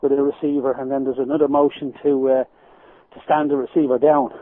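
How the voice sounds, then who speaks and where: Irish male guest, lively storyteller, talks fast, calling in over a phone line. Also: medium pitch. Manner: animated storyteller, laughs while telling anecdotes. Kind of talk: phone-in radio interview. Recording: tinny phone line, dry.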